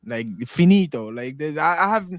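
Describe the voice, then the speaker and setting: Podcast co-host, male, a bit high-pitched, loose and jokey, repeats his words. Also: lively intonation, normal speed, no room sound, clean studio sound. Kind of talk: casual chat.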